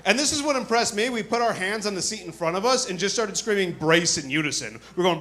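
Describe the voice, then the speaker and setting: A man performing a stand-up comedy set on a club stage, telling a story in an animated way and acting out other people's voices. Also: high-pitched, quick pace, few pauses, a little hiss or hum. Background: audience laughter.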